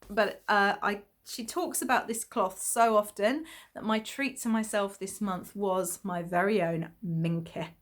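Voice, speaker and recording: A woman from England, hosting a podcast in a rambling casual chat full of ums and small laughs. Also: mid-range voice. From England (Essex). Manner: chatty, rambling with many ums and little laughs. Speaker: podcast host.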